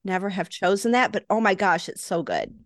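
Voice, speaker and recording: A woman guest in casual chat, telling relaxed stories with light laughs. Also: medium pitch, a little fast, no echo, clean studio sound.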